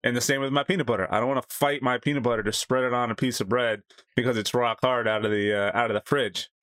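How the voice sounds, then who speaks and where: Relaxed man reviewing beer, dry sound. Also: medium pitch, fast talker, no echo. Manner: relaxed, enthusiastic, some filler "uh"s. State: married. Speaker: beer review podcast co-host. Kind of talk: casual chat.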